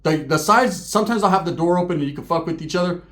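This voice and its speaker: A man's voice: high voice, quick pace, a bit bright. Streetwise man spinning raw prison stories. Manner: profane street slang, frequent "right?" tag questions. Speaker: storyteller recalling prison and gang life. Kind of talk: casual anecdote-telling.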